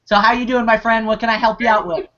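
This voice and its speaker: A man's voice: sits high, steady tone, quick pace, bright, forceful tone. A man hosting a live online Q&A, talking in a rambling way with many restarts and fillers. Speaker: host. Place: online video hangout. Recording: dull lo-fi video call audio.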